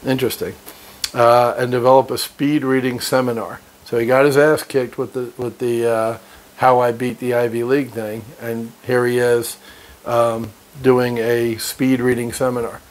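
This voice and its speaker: A man's voice: medium pitch, little pitch movement, moderate pace. A man reading a book aloud and breaking off into brash, profane motivational commentary, laughing often. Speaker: reader and commentator.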